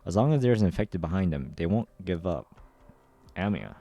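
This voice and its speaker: A man reads a game's story dialogue aloud on stream, covering every part. His voice is deep and mellow, and his delivery is steady and even. Quiet music plays underneath. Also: normal speed. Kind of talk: dramatic readthrough of game dialogue.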